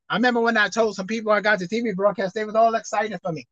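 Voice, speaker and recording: A woman pastor preaching a sermon, dropping to low asides and rising to loud shouted exhortation, reading scripture slowly and deliberately. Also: fairly even intonation, no room sound. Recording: slightly dull, dry recording.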